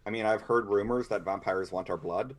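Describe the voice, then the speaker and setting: A man playing in a tabletop role-playing game, talking through plans and strategy out loud. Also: on the low side, a little fast. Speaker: player. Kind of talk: tabletop role-play talk.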